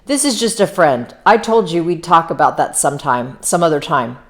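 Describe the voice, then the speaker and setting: A wealthy young man speaks in a polite, reassuring way while dodging the point, as a woman reading aloud puts him on. The voice sits low, close to a plain read-aloud. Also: lively intonation, moderate pace. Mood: smooth. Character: young rich man, smooth and evasive.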